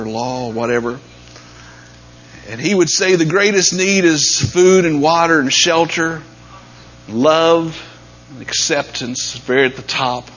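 A man preaching a sermon, dropping to near-whispers and then rising to loud, emphatic peaks. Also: medium pitch. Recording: dull lo-fi sound with faint mains hum.

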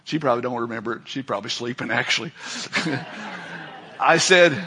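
Husky, bright-voiced preacher man. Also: mid-range voice, brisk. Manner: folksy storytelling, acts out quoted voices, laughs often. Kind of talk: sermon.

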